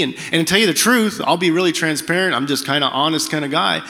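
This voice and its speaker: Man, pastor, conversational sermon, fairly high voice, long hall reverb. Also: fast, hardly any pauses, bright, forceful tone. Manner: candid, conversational preaching with frequent restarts.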